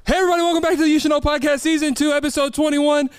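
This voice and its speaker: A man's voice: very high-pitched, flat delivery, rapid-fire, no room sound. A man hosting a podcast in a studio, chatting casually and energetically, rambling as he gushes about his listeners. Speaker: podcast host. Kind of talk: casual podcast intro chat.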